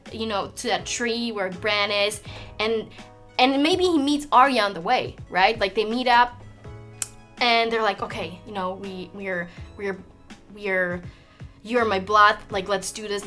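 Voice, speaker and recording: Non-native woman venting, swearing a lot, lots of "like", bright tone. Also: fairly high pitch. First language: not English. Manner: frustrated, swearing, lots of fillers and restarts. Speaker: vlogger. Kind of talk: ranting while doing makeup.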